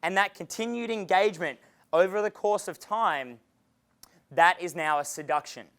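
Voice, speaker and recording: A man's voice: high voice, normal speed, clean tone. A man giving a live dating seminar as coach, talking with energy and swearing freely. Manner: energetic and profane, acting out quotes. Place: seminar room.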